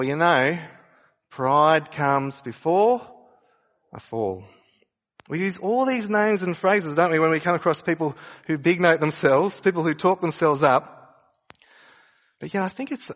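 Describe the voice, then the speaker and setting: A man preaching a conversational sermon, pitched a little above most men. His voice rings out in a long church reverb. The sound is somewhat muffled. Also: animated, normal speed, a bit bright. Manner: conversational preaching with rhetorical questions. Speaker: pastor.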